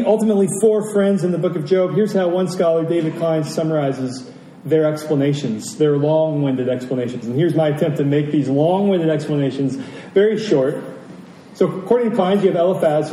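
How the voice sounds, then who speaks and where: A man's voice: fairly high pitch, warm tone, slight background noise. A man preaching a sermon as pastor, emphatic, asking rhetorical questions and repeating key phrases. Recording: roomy, distant from the mic, faint ambience.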